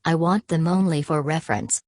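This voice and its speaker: A woman's voice: low voice, lively intonation, fairly quick, darkish tone, no room sound, studio quality. A woman voicing a proud young woman artist in an audiobook, speaking with cool irony and cutting distinctness. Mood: cold.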